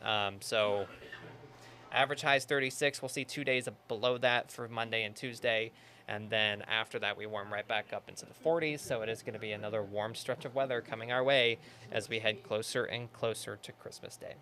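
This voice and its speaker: A man's voice: lowish voice, brisk. Chatty young male TV meteorologist. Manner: relaxed, chatty, many fillers. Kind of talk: casual on-air weather chat. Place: TV news studio.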